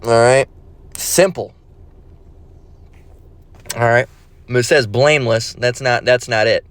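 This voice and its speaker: A man's voice: mid-range voice, takes it slowly, a bit bright. A man preaching a profane, mocking rant, quoting scripture and stammering in repeats. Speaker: religious video preacher.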